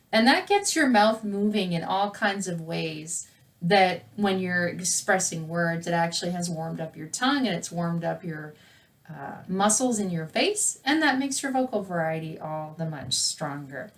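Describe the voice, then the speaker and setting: Lively woman teaching, slightly distant mic. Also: fairly low pitch, normal speed. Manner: lively conversational delivery, voice rising and falling. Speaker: public speaking teacher. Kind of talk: presenting a recorded lesson to camera.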